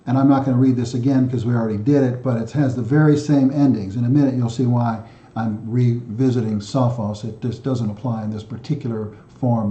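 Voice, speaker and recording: A man hosting a recorded language lesson, chanting lists of word endings and explaining them haltingly, often correcting himself. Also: medium pitch, warm tone. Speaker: self-taught language video host. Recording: echoey room, dull sound.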